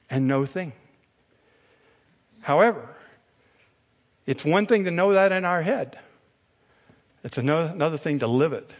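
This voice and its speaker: Male pastor delivering a sermon in a church; slow and deliberate, rising to emphatic repetition. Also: on the high side, big-room sound, dull audio. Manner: builds to loud emphatic repetition.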